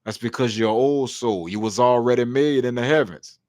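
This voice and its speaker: A man's voice: mid-range voice, moderate pace, a little mellow, dry recording, studio quality. A man in his thirties, a podcast host preaching in a slangy street style who keeps checking in with the listener.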